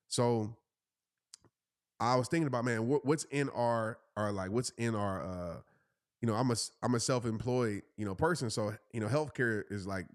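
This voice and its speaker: Animated man telling a story. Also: no echo, clean studio sound. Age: 30s. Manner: animated storyteller, jumps into high voices for quoted people. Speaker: host. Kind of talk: casual storytelling.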